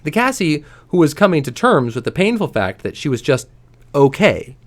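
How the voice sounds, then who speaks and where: A man reading a novel aloud to his stream, giving quoted lines lively voices and dropping soft and low on the quiet ones. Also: normal speed. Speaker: reader.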